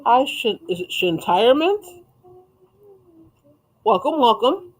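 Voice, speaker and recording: A chatty man hosting a relaxed livestream, his voice pitched notably high. He reads viewers' comments aloud and answers them with easy laughter in a loose, conversational way. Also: takes it slowly, rough recording. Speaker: livestream host. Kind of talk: casual livestream chat.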